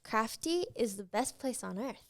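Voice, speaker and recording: A woman's voice: a little high, animated, measured pace, slight background noise. A young woman in her late teens, a guest actress, chatting casually and telling stories with lots of fillers. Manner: chatty storyteller, many fillers. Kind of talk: casual interview chat.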